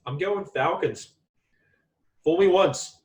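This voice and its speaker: A man's voice: fairly high pitch, takes it slowly, a little mellow, poor audio. A young man co-hosting a casual sports talk show, joking and rambling as he argues over calls and picks. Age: young adult. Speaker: co-host.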